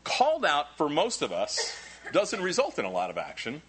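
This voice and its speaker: A man preaching a sermon as pastor, animated and repeating key phrases for emphasis. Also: fairly high pitch, normal speed, slight background noise.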